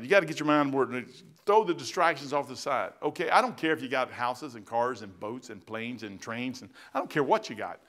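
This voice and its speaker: Here a man serving as pastor gives a sermon inside the church sanctuary. His voice is somewhat high with a slight brightness, and he spins down-to-earth, folksy stories marked by bursts of emphasis.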